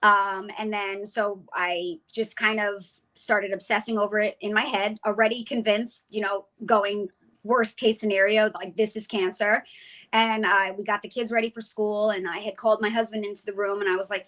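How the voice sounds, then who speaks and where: Woman, forties, bright voice, lively storyteller, interview guest, acts out quotes. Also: mid-range voice, brisk, poor audio. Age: 40s. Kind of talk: telling her story in an interview.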